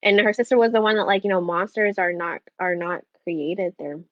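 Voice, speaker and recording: A woman's voice: lowish voice, moderate pace, dry recording. A woman co-hosting a book club podcast, chatting casually with lots of fillers and checking for agreement. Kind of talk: casual chat. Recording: dull, dry lo-fi sound.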